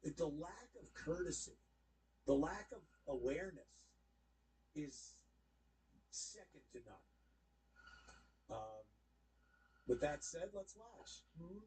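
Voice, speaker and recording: A man's voice: fairly high pitch, animated, slow pace, pauses often, warm tone, low-quality recording. A man giving blunt, exasperated reaction commentary on viral videos and swearing casually.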